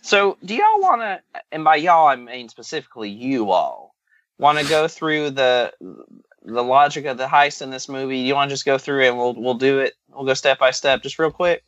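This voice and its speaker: A man co-hosting a joking movie podcast, rambling through absurd riffs in a deadpan way. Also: mid-range voice, moderate pace, no room sound, muffled recording. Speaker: podcast co-host.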